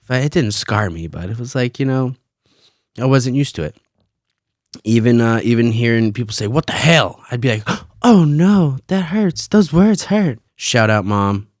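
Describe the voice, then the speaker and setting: A man's voice: deep voice, smooth, no echo, studio quality. A man in his thirties hosting a casual solo podcast from his basement, rambling and swearing with frequent laughs. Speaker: podcast host. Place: home basement.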